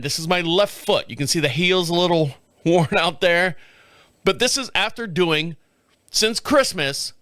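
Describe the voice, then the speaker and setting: Middle-aged guy rambling to camera, high bright voice, lots of ups and downs, dry studio mic. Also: clean tone, no room sound. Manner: animated, rambling storyteller who laughs often. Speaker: podcast host. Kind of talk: casual solo chat to camera. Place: small home studio.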